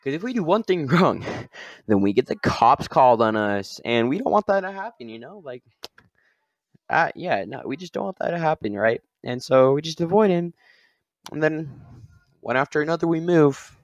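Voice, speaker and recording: A man hosting his own podcast, telling a story casually and rambling, often tagging sentences with a quick "all right?". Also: fairly high pitch, expressive, no echo. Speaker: podcast host.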